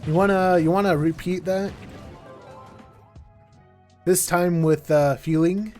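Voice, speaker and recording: A man's voice: sits high, steady tone, slow pace, a little mellow, soft background music. A young American man streaming live, chatting casually and rambling with lots of "like" and self-mocking jokes.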